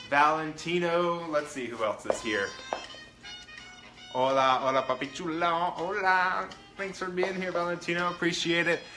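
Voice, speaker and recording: Bright-voiced upbeat male livestream host. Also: on the high side, roomy sound, rough recording. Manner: upbeat, greets viewers by name. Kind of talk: casual live-stream chat.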